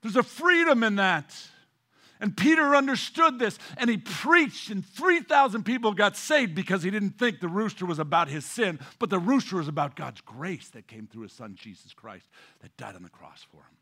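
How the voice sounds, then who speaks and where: A male pastor delivers a passionate sermon in a high, ringing voice. His tone is bright and forceful, rising to loud emphasis and falling to hushed, near-whispered stretches. He often doubles back on words and restarts phrases mid-thought. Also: big pitch swings, moderate pace.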